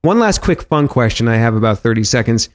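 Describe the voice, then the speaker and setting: A man's voice: medium pitch, big pitch swings, fairly quick. A man hosting a podcast interview, speaking in a nasal, easygoing way with plenty of fillers. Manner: easygoing, filler-heavy, thinks aloud. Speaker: podcast host.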